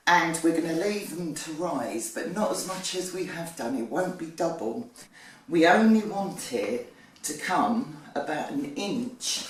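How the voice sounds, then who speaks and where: A home baker demonstrates a recipe in a roomy kitchen, chatting casually, thinking aloud with the odd um, and poking fun at their own mistakes. The voice is mid-range, the mic sits at a distance, and a little hiss or hum is audible.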